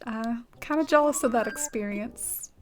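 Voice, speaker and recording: A woman's voice: a little high, normal speed. Woman game streamer, casual, rambling chatter, faint music underneath. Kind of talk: casual live-stream chat.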